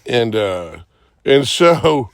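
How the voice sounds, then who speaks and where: Slow, lively-pitched storytelling man. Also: gravelly, no room sound, clean studio sound. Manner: rambling, profane, acts out quotes with sudden shouts. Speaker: podcast host. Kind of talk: casual storytelling.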